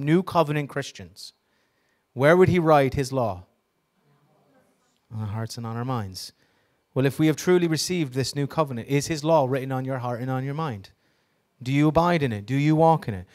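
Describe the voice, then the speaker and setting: Guy preaching, kinda high voice, reads scripture with punch and keeps quizzing the room. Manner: teaching by asking the audience questions, reading scripture with emphasis; joking asides with laughs. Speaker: pastor. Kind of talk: sermon.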